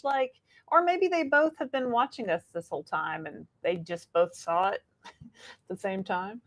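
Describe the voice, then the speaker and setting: Woman, fairly high voice, lively, teasing livestream chat. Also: normal speed, muffled recording. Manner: animated, laughs easily, teasing. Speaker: co-host.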